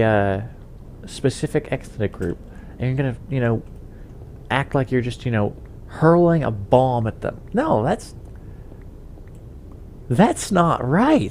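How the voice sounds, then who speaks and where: A man's voice: mid-range voice, darkish tone, a little hiss or hum. A young man chatting casually while playing a game, rambling with chuckles and lots of fillers. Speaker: gaming channel host.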